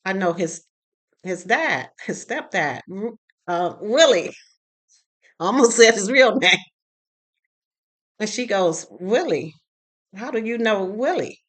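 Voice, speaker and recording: A woman's voice: mid-range voice, expressive, slow, long pauses, a bit bright. A middle-aged woman speaks casually to her viewers, telling a story from her own life. She acts out what other people said, lifting and dropping her voice for them, and fills her talk with little asides and fillers. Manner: chatty, with frequent fillers and asides. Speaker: storyteller sharing a personal experience.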